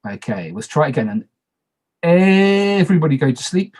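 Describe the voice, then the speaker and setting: A man's voice: a little high, very animated, normal speed, a little mellow. A man moderating an online party game on a video call, talking casually, repeating instructions and making self-deprecating asides.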